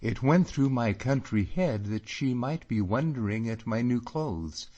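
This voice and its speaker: A man narrating an audiobook in a measured, unhurried reading. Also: mid-range voice, expressive, warm tone, dull audio.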